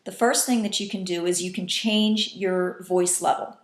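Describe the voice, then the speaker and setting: A woman's voice: lowish voice, steady tone, normal speed. A woman teacher explaining a classroom technique to other teachers in a patient, instructional way, now and then acting out calls in different voices. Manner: patient, demonstrating call-and-response in varied voices. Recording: echoey room.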